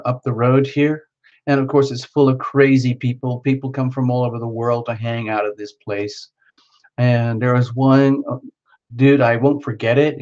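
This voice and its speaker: A man's voice: medium pitch, muffled recording. A man hosting a live tarot stream, chatting casually to viewers in a rambling, playful, teasing way. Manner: rambling, playful and teasing, with many fillers and restarts.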